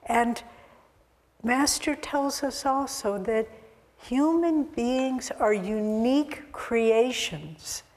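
A woman's voice: on the high side, darkish tone. A woman spiritual teacher giving an earnest, exhortative sermon, recorded with long hall reverb.

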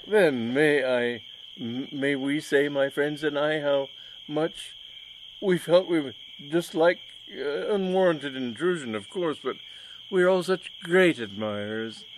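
A man's voice: on the high side, slow pace, a little hiss or hum, voice pushed up, rough recording. A man reading a story aloud, voicing a shy, diffident elderly lord who stammers and speaks with nervous, overly polite fawning.

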